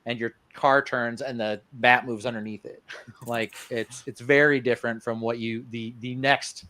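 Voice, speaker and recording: A man's voice: medium pitch, steady tone, normal speed, pushed and bright, no room sound. A man hosting a casual podcast chat about video games, laid-back and loose, swearing and laughing with friends. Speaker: host.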